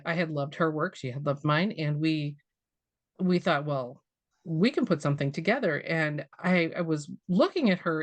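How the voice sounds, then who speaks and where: A woman's voice: low voice, no echo. Chatty middle-aged Minnesotan woman. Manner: chatty and warm, laughs often, many fillers. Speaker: guest artist, printmaker. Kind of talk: casual conversational interview.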